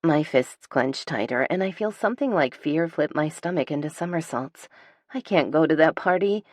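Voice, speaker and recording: A woman reading a romantic suspense audiobook in the first person, with a dry, sardonic, measured delivery close to the microphone. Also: sits low, dry recording. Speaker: audiobook narrator.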